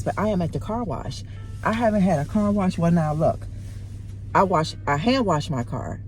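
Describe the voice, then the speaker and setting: A woman vlogging casually from inside her car at a car wash, chatty and animated as she talks straight to her viewers. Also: low voice. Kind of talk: casual vlog chat.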